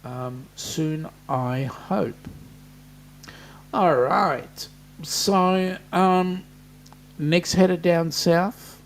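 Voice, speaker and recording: A man's voice: a little high, steady tone, very slow, long pauses, a little hiss or hum. An Australian man hosting a casual live chat, reading out viewer comments and joking with them.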